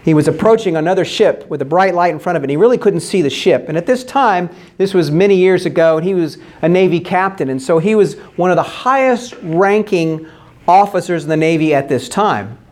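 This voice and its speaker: High-voiced man preaching a sermon. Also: lively intonation, a little fast, a little mellow. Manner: earnest, explains scripture with rhetorical questions. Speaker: pastor.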